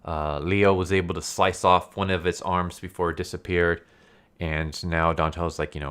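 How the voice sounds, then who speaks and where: Low smooth-voiced man recapping casually. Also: little pitch movement, moderate pace, a bit bright. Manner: rambling, heavy on fillers, laughs often. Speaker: comic book review YouTuber.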